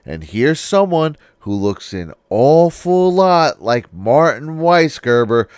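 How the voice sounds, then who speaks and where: A man's voice: a little high, big pitch swings, slow, a little mellow, clear, resonant tone, no room sound, studio quality. A man giving casual, conversational commentary that often seeks the listener's agreement. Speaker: video commentator.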